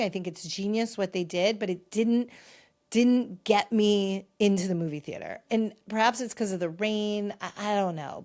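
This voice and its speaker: A woman hosting a pop culture podcast in a casual, opinionated voice. She talks in a chatty, freewheeling way and often swings from loud to quiet. Her pitch sits in the middle. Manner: chatty, opinionated, shifts loudness a lot. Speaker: podcast host.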